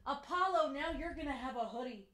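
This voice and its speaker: A high-pitched woman with a bright, forceful voice hosts a casual livestream from home. She chats playfully and curses offhandedly. Between crochet steps she coos at her cat. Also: animated, brisk. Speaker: streamer.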